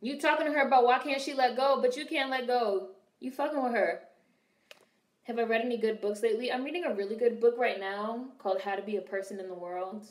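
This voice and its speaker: A woman's voice: a little high, brisk, reverberant. Chatty woman streamer, swearing freely. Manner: chatty, swearing, reads and answers viewer chat. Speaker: streamer reacting to a film. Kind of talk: casual live-stream commentary.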